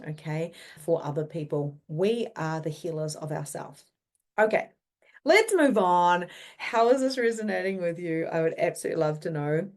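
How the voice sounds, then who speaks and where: A woman's voice: fairly low pitch, darkish tone. A woman psychic medium and spiritual coach teaching in a casual, chatty way, often checking in with "okay?" and now and then swearing bluntly.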